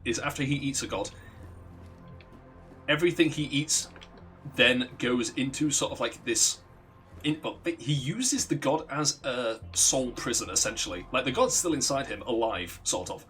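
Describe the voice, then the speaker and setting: A man's voice: medium pitch, normal speed, a bit bright, faint music behind. A man, a let's play streamer, casually telling a rambling, profane story while gaming and laughing at his own jokes.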